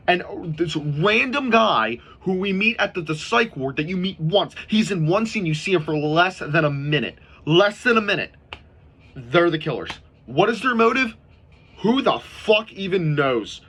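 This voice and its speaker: A man's voice: fairly high pitch, a bit bright, breathy edge. A man giving a casual, frustrated movie review, swearing often and stumbling over restarts. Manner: frustrated, profane, repeats himself, lots of restarts. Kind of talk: casual video review rant.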